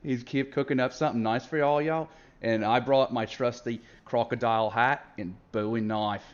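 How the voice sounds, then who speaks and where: A man's voice: medium pitch, steady tone, moderate pace, clean tone. Upbeat guy co-hosting a race stream, laughs a lot, hams it up, kinda muffled mic. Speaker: race commentator. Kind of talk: casual stream commentary. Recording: slightly lo-fi mic.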